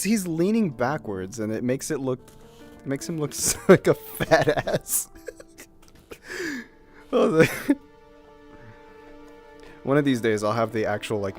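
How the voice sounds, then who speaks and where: A man's voice: fairly low pitch, expressive, takes it slowly, pauses often, darkish tone, soft background music. A man streaming and chatting casually, giggling and mocking himself as he goes. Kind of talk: casual gaming stream chat.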